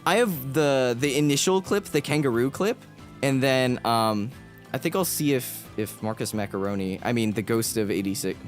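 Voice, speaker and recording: A woman's voice: very deep voice, normal speed, faint music behind. A woman hosting her stream in a casual chat, laughing often and slipping into jokey Australian slang. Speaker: streamer host.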